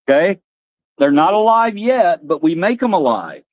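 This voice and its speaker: A male streamer chatting loosely with viewers, joking and laughing at his own antics. His voice moves a lot in pitch, and the sound is dry and close to the mic. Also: big pitch swings, a little slow, pauses often, no room sound. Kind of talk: casual live-stream chat.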